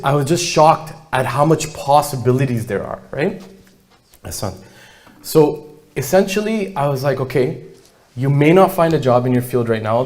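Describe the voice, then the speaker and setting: A man gives a keynote talk. He tells his story in a lively, casual way and acts out what his family said. His voice sits at a middle pitch for a man. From Canada. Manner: animated storyteller acting out family dialogue. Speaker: keynote speaker.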